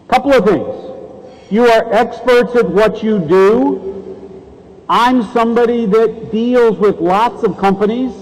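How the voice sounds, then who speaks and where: In a large, reverberant conference hall, a man delivers a motivational keynote speech and jokes playfully with the audience. His voice sits high and is a little mellow.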